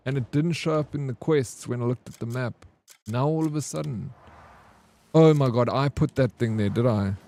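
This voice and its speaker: A man's voice: mid-range voice, moderate pace, mellow. A young man, chatting casually with his stream while playing a game, slangy and laid-back. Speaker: gaming streamer.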